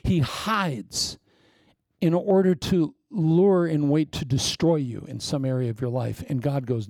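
A man's voice: a little high, measured pace, creaky, a little mellow, no echo, studio quality. A man preaching a fervent, conversational sermon and leading a closing prayer.

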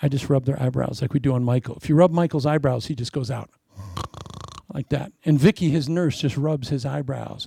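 Gravelly-voiced male preacher, animated. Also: medium pitch, a little fast, slight background noise. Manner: animated, preacherly, playful asides with laughter. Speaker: pastor. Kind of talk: sermon.

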